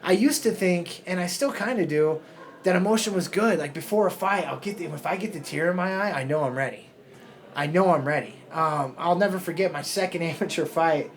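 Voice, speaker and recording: A man's voice: high voice, fairly quick. A fighter in his thirties, talking in a rambling, emotional, profane way in a casual podcast interview. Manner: rambling, emotional, swears a lot. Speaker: fighter guest.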